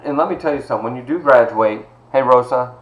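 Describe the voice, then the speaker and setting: A middle-aged college instructor teaches an online class by video call from home, greeting students by name in a personal, encouraging way. He talks fast at a medium pitch, and the audio is reverberant with the highs cut off.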